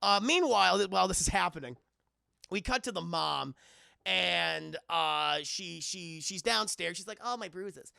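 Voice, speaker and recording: Gravelly, lively streamer. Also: male voice, sits high, a little slow, dry recording, studio quality. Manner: crude, joking, acts out scenes, laughs a lot. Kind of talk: casual film recap.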